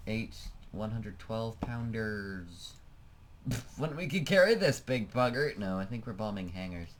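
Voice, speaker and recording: A man's voice: on the low side, a little hiss or hum, low-quality recording. A man giving casual, self-mocking commentary while playing a flight game, laughing often. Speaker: let's play gamer.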